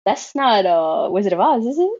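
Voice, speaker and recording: A woman's voice: mid-range voice, big pitch swings, moderate pace, a little mellow, dull audio. A woman playing a movie-quote guessing game, joking about her own bad guesses. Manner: self-mocking, laughs at her own guesses. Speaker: quiz contestant. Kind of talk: casual game chat.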